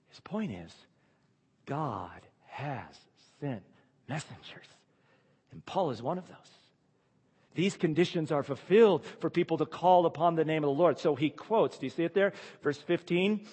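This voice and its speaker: A man preaching a sermon and reading scripture aloud. He is emphatic and swings between loud declarations and hushed asides. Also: a little high, sing-song, a little slow, slightly rough, big-room sound.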